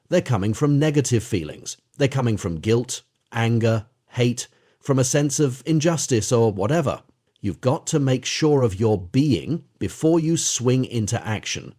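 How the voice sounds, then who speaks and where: A man's voice: medium pitch, dark tone. A man giving a spiritual talk that includes storytelling, speaking earnestly and directly to the listener. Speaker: spiritual teacher.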